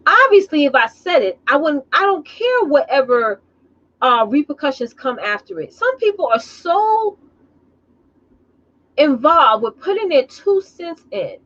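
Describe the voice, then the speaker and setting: A woman business coach talking casually on a live stream, telling animated stories and calling her viewers y'all. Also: sits high, unhurried, lo-fi sound.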